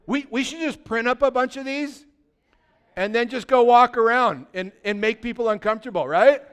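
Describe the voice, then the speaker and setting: High-voiced pastor preaching with energy. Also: male voice, moderate pace, clean tone. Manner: energetic, conversational preaching with questions to the congregation. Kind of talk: sermon.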